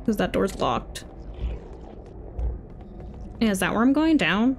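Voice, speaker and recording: A woman's voice: medium pitch, sing-song, takes it slowly, a little hiss or hum. A woman streaming a video game, chatting away and talking back at the game characters with sudden exclamations. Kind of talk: live gameplay commentary. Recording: game gunfire loud behind voice.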